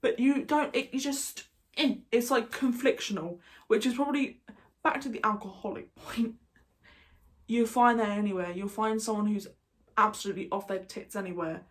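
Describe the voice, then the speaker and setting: With a slightly high voice at a normal speed, this British woman vlogger chats casually for her YouTube audience. She's jokey and rambling, forever wandering into tangents.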